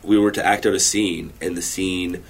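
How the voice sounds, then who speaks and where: A man's voice: low-pitched, steady tone, normal speed, vocal fry. A man guesting on a podcast, talking casually with many fillers and restarts. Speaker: guest comedian.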